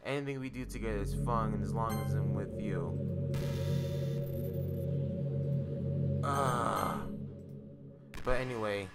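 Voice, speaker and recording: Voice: medium pitch, moderate pace, close to an everyday voice. A streamer reading aloud as a desperate, lovestruck young female game character, pleading and remorseful, with game music behind. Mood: teasing. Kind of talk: read-aloud game dialogue.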